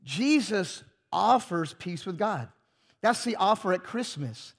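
A man's voice: high voice, very animated, slow pace. A pastor preaching a sermon to his congregation, emphatic and full of rhetorical questions.

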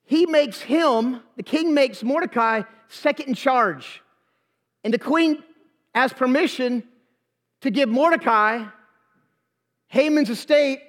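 High-voiced preacher retelling a story with humor. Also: male voice, slow, long pauses. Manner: lively, humorous, slangy retelling. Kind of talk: storytelling sermon. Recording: long hall reverb.

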